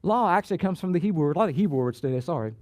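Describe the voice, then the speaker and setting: A pastor preaching a sermon in church, animated and emphatic, often repeating words and drawing out key phrases. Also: male voice, fairly high pitch, rapid-fire, no room sound. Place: church sanctuary.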